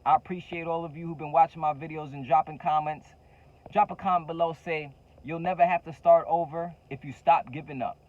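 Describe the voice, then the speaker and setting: Man, motivational vlog host; higher pitch, fervent and repetitive, casual slang, slightly muffled lo-fi recording. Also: fairly even intonation, brisk, darkish tone. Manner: fervent, repeats key phrases, casual slang. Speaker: entrepreneur coach and channel host. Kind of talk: motivational direct-to-camera talk.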